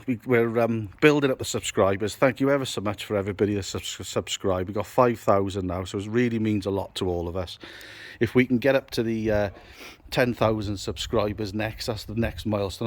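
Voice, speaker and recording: A man's voice: lowish voice, no room sound. A British man, a builder and landscaper, hosting a casual vlog outdoors on a garden building site, teasing his workmate and chatting through a phone camera. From United Kingdom. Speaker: builder and landscaper, channel host. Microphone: phone camera held by the speaker.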